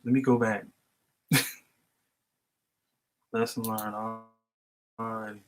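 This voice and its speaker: A man's voice: lowish voice, flat delivery, slow pace, slight background noise, poor audio. A man chatting casually as a guest on a livestream, loose and slangy, with frequent restarts.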